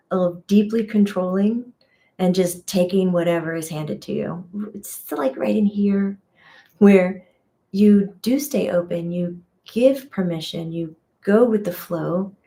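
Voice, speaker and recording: A woman's voice: mid-range voice, warm tone. A woman teaching intuition in a chatty livestream talk, often laughing at herself and restarting phrases. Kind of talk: casual spiritual teaching on a livestream.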